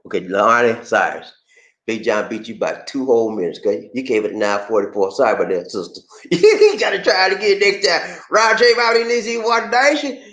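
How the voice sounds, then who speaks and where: A man hosting a casual livestream, playful and animated, greeting viewers by name and laughing often. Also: medium pitch, a little fast. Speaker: livestream host. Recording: echoey room.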